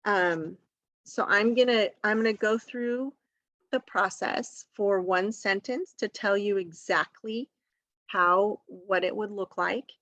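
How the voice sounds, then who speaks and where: A woman's voice: medium pitch, slow pace, fairly bright tone, no echo. A woman teacher walking parents through a home reading activity step by step, patient and encouraging, with frequent "um"s and "okay?" check-ins. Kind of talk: instructional walkthrough for parents.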